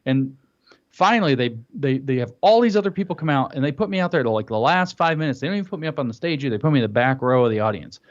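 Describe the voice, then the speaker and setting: A man telling an animated story in casual chat, acting out what others said. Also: mid-range voice, racing. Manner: animated storytelling, acts out quotes. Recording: dull lo-fi audio.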